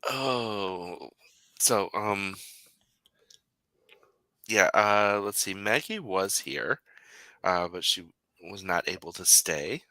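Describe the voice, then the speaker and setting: A livestream host in casual chat who greets viewers by name and reads out their messages, friendly and unhurried. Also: low voice, expressive, bright, forceful tone, no echo.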